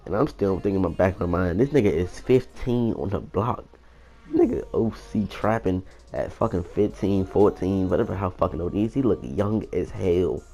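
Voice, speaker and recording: Deep-voiced young man telling a rambling story. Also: moderate pace, gravelly. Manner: rambling, profane, animated retelling. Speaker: vlogger. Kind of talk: casual storytelling.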